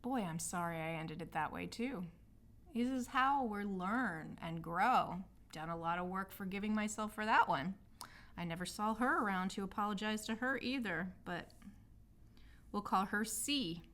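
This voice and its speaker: A woman's voice: mid-range voice, normal speed, a bit bright. A woman sharing a personal story in a candid, reflective monologue, speaking loosely with many fillers and openly apologizing for past mistakes. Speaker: healing arts practitioner hosting a personal podcast.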